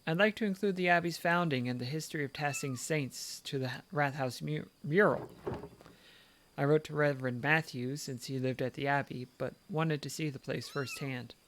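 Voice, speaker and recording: A man's voice: fairly high pitch, moderate pace, fairly bright tone, slight background noise, close to an everyday voice. A man voicing a polite, earnest young woman painter in his own everyday voice, as he reads game dialogue aloud.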